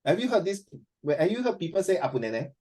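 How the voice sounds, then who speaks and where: A man's voice: high voice, big pitch swings, fast, a little mellow. Chatty Singaporean man teaching a class. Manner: chatty, quizzes students, many fillers. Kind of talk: classroom lecture.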